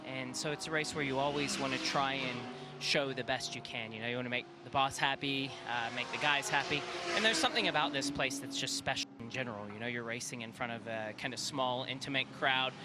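A man, a race car driver, being interviewed in the pit lane, answering in a halting, stumbling way while he watches telemetry. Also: medium pitch. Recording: loud race car noise behind. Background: race cars running.

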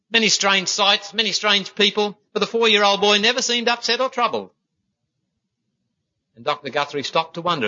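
A man's voice: mid-range voice, pushed and bright, muffled recording. A man preaching a sermon in an earnest, folksy way, telling stories and calling his listeners "my friends.".

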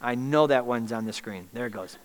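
A man's voice: medium pitch, brisk. A man preaching a sermon as pastor, asking the congregation to call out missing words. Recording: long reverb in a large hall.

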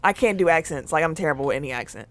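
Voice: medium pitch, lively intonation, racing, fairly bright tone. A podcast host in casual chat, steering the topics and laughing often.

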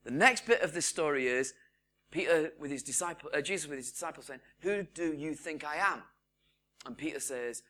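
A man preaching a sermon, retelling the story with lively quoted voices. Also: a little high, moderate pace.

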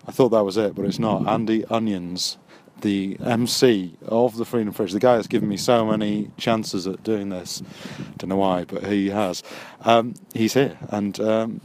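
A man's voice: on the low side, steady tone, normal speed, darkish tone, a little hiss or hum. Man chatting casually near a rail line. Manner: rambling and musing, friendly encouragement. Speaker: podcast host and new stand-up comic. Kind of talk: casual late-night chat. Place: near a train line at night.

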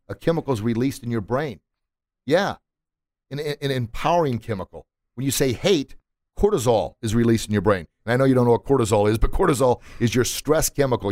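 The voice is medium-pitched and a little mellow, recorded with no echo. It belongs to a middle-aged man hosting a motivational podcast from a studio, using a studio mic and preaching emphatically while repeating words for force.

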